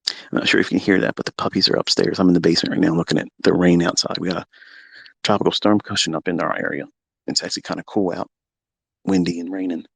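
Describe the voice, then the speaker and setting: A middle-aged man hosting a live audio chat as a trading mentor, talking unscripted from his home basement in a profane, combative way that swings into loud tirades. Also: low voice, flat delivery, fast talker, creaky, slightly rough, dry recording.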